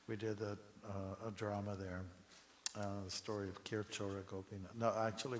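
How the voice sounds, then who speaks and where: Man telling temple anecdotes, echoing hall. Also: fairly low pitch. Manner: relaxed storytelling with chuckles and asides to the audience. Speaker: monk giving a scripture class. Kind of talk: informal scripture class with anecdotes. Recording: long hall reverb with faint hiss.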